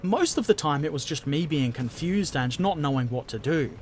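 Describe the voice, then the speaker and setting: A man's voice: a little high, expressive, moderate pace, slight background noise. A man hosting a gaming channel, casually answering viewer comments with jokes and silly put-on voices.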